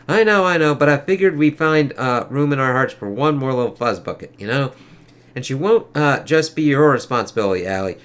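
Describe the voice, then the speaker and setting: A man's voice: medium pitch, expressive, fairly quick, fairly bright tone, smooth, lightly acted. A man reading the lines of a practical, reassuring mother from a comic, in close to his own voice. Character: reassuring adult woman, a mother, practical and kind.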